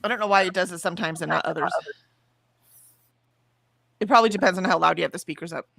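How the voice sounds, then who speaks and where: A woman's voice: on the low side, fast, gravelly, a bit bright, slight background noise. A woman with a Southern US accent, co-hosting a casual morning stream, reading chat messages aloud and laughing easily. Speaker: stream co-host. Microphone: headphones with mic.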